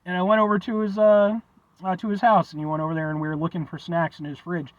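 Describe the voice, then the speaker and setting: A man's voice: sits high, little pitch movement, quick pace, no room sound, narrow, tinny audio. A young man reviewing a drink in rambling, folksy casual chat, swearing now and then. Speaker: food reviewer.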